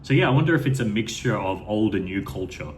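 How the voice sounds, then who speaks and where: Man, low pitch, reaction vlogger, excited, rambling, fillers and restarts. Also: fast talker, slight background noise. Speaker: music video reactor. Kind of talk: unscripted first-time reaction commentary.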